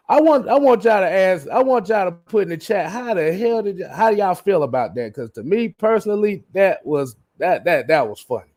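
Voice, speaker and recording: A man hosting a casual sports livestream, with a voice a little higher than most men's. He talks in a loose, laid-back way, laughs often and stumbles over repeated words while he reads out chat comments. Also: lively intonation, moderate pace, darkish tone. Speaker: livestream host.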